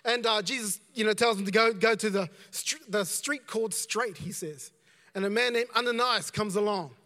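A man's voice: high voice, moderate pace, bright, forceful tone, big-room sound. A man preaching a conversational sermon as a pastor, repeating himself and dropping in asides.

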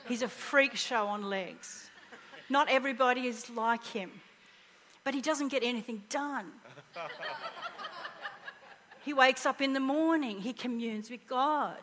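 A middle-aged woman preaching a conversational sermon, animated and humorous, sometimes dropping to a hushed voice for emphasis. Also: fairly high pitch, unhurried, long pauses, big-room sound, slight background noise.

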